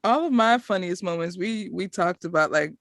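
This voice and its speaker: A woman's voice: on the low side, moderate pace, fairly bright tone, no echo, clean studio sound. A young adult woman in casual podcast chat, recapping a movie with friends and laughing often. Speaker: podcast co-host.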